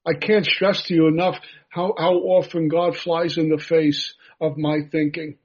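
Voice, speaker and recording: A man's voice: fairly high pitch, flat delivery, unhurried, slightly rough. A man from the United States giving an earnest personal recovery share, telling a story with self-deprecating humor. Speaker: recovery meeting speaker. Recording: dull lo-fi recording.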